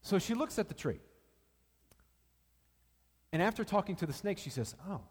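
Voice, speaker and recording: A man's voice: high voice, moderate pace, husky. Guy preaching a sermon, cracks jokes at the crowd, voice bounces all over, big echoey hall. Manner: animated, joking asides to the congregation.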